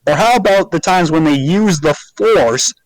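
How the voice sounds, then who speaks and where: A man's voice: on the high side, animated, moderate pace, no room sound, rough recording. A man on a casual podcast, making his point emphatically and sarcastically, swearing freely.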